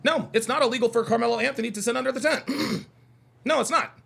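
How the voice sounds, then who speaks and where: A young adult man hosts a heated call-in stream, answering chat with combative, mocking jabs and hammering the same points again and again. His voice sits high for a man, gravelly and forceful, swinging widely in pitch, and he talks fairly quickly.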